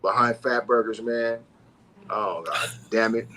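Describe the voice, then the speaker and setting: A man's voice: lowish voice, measured pace, bright, forceful tone, a little hiss or hum. A man talking as a podcast guest, profane, preachy and emphatic. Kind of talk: casual podcast chat.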